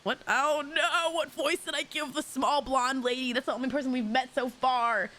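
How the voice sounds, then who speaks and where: A woman's voice: sits high, fairly even intonation, moderate pace, bright, forceful tone. A young woman streamer chatting casually and swearing freely while playing a story game. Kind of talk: casual gaming commentary.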